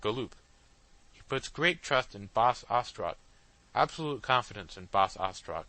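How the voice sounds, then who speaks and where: A man voicing a huge trumpet-faced male news machine that blares loud announcements in an audiobook. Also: medium pitch, no room sound, low-quality recording.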